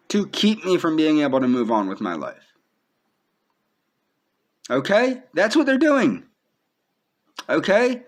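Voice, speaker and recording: A man's voice: fairly high pitch, wildly swooping pitch, a little slow, long pauses. A man speaking straight to one absent person, agitated and pleading, repeating himself again and again. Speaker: vlogger. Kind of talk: emotional direct address to camera.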